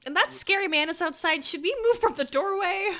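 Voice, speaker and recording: A woman's voice: expressive, brisk, pushed and bright, full character voice. A woman voicing an anxious young boy who tries to comfort a crying child and begs for help. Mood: pleading. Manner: high-pitched and pleading.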